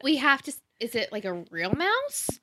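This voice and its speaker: A woman, chatty and expressive, answering questions as a guest on a podcast. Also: high voice, moderate pace, over a noisy crowd. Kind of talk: casual podcast chat.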